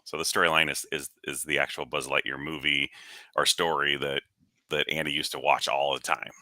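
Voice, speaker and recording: Low-voiced guy cohosting a live chat, jokey, restarts a lot, dry sound. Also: little pitch movement, bright, forceful tone, dry recording. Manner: jokey, laughs often, halting restarts. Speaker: co-host.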